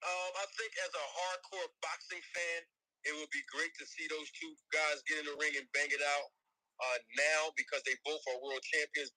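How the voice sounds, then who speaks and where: Bright, high-voiced emphatic man. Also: no echo, rough recording. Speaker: boxing manager. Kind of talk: podcast discussion.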